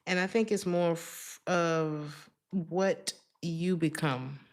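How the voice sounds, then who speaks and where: A woman's voice: low-pitched, fairly even intonation, takes it slowly. A woman giving a casual tarot reading to her viewers, chatty and slangy, laughing often between her thoughts. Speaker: tarot reader.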